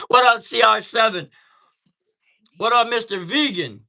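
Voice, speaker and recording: A man's voice: sits high, expressive, slow, creaky, pauses often, sharp tone. A man hosting a live stream, telling a heated story in a profane, streetwise way and greeting viewers from chat.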